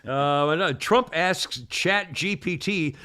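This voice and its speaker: A man's voice: on the high side, takes it slowly, sharp tone, smooth. Rambling, chuckling male talk host. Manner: rambling, chuckling at his own material. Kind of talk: casual chat, reading headlines aloud.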